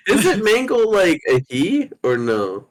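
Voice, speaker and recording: A woman's voice: mid-range voice, huge pitch swings, a little slow, crowd noise. A young woman co-hosting a podcast, giggling and teasing the others with crude banter. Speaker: podcast co-host. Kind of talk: casual chat.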